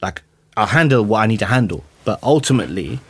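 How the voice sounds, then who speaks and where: A man chatting on a podcast, telling lively stories, swearing freely and acting out what people said. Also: fairly low pitch, fast talker, breathy edge. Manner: animated storyteller, swears freely, acts out quotes. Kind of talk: casual chat.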